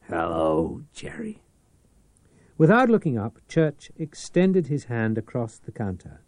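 A man narrating a novel in a measured, dramatic storytelling manner. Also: a little high, big pitch swings, a little mellow, no echo. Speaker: audiobook narrator. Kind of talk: scripted narration.

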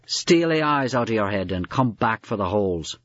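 A man voicing a rough fisherman who yells curses at the man chasing off from his daughter. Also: on the low side, lively intonation, normal speed, dry recording, highs cut off. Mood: enraged. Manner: yelling, cursing. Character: enraged old-fashioned fisherman, rough-tongued.

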